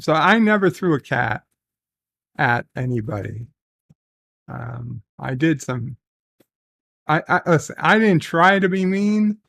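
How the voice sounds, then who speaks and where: A man's voice: mid-range voice, creaky, a bit bright, no room sound. A man hosting a casual livestream, rambling and reading chat messages aloud with filler ums. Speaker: livestream host.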